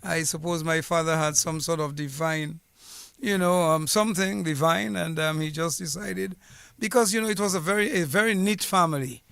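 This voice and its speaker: High-voiced man, clear and earnest. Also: normal speed, fairly bright tone, dry recording. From Dominica. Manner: earnest, formal, discursive. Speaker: guest, former police officer. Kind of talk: radio interview, storytelling. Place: radio studio. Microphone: studio mic with headset.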